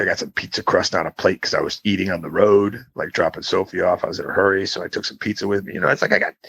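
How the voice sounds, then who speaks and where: This low, gravelly and husky-voiced man co-hosts a podcast, recorded dry. He spins a long story in relaxed conversation, performing each quoted character's voice, with swearing mixed in.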